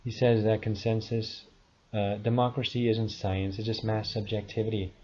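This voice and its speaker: A man's voice: fairly low pitch, flat delivery, moderate pace, warm tone, slight background noise. A man in his thirties giving a combative, scornful monologue rebuttal, full of insults. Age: 30s. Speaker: video commentator. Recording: dull lo-fi sound.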